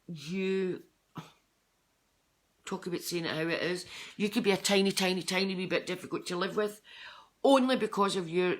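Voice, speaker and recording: A woman's voice: fairly low pitch, fairly bright tone. An older woman with a Scottish accent, giving a rambling, chatty tarot card reading with lots of ums and restarts. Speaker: psychic tarot reader.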